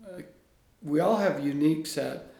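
A man guest in an interview, a coach speaking in an earnest, animated storytelling way. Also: a little high, normal speed, creaky. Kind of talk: conversational interview. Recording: echoey room.

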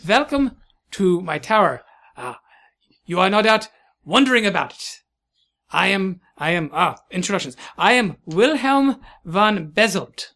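A man voicing an eccentric, excitable scientist, full of halting "ah"s. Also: high voice, voice pushed up, heavily acted. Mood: eager.

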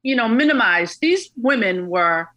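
A middle-aged woman tells a story in a chatty, digressive way. Her voice is bright and sits a little high. She drifts into side remarks as she talks. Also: animated, unhurried, dull audio. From Boston. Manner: chatty, digressive, laughs at the absurdity. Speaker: guest recounting a court case. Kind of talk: casual storytelling interview.

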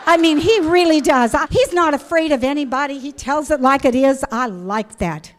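Middle-aged midwest lady telling her faith story to a crowd, kinda high voice, really animated. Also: normal speed, a little hiss or hum. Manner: animated and emphatic, acts out her own past voice. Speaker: speaker giving a religious testimony. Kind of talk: personal testimony talk to an audience.

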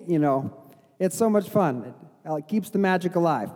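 A man's voice: high voice, animated, moderate pace, a little mellow, long reverb tail. A middle-aged man preaching a conversational sermon as pastor, sometimes acting out the crowd's voices. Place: church sanctuary.

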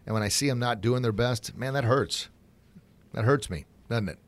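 A man's voice: medium pitch, normal speed. A middle-aged man hosting a podcast and running a martial arts academy, talking with earnest passion and calling his listeners folks.

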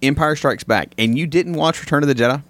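A man's voice: a little high, fast talker, fairly bright tone, no room sound. A man co-hosting a casual podcast, ribbing his friends with mock exasperation. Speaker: podcast co-host.

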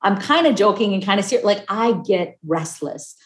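A woman in her fifties talking casually and warmly about marriage, acting out other people's voices as she tells stories. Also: mid-range voice, lively intonation, normal speed. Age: 50s. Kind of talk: casual heartfelt conversation. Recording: echoey room.

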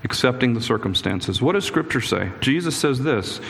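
A man's voice: mid-range voice, animated, normal speed, gravelly, hardly any pauses, a bit bright. A middle-aged man preaching a sermon, earnest and personal, telling his own stories with frequent restarts. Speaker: pastor. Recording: echoey hall with long reverb.

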